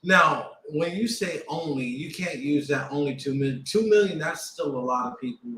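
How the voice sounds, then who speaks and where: A man's voice: a little high, normal speed, sharp tone, slight background noise. A man co-hosting a casual podcast discussion, talking in a conversational, probing way. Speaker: podcast co-host. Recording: echoey room.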